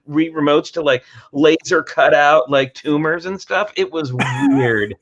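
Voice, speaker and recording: A man co-hosting a casual chat over a video call, rambling and animated. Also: a little high, measured pace, dull audio. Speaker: co-host.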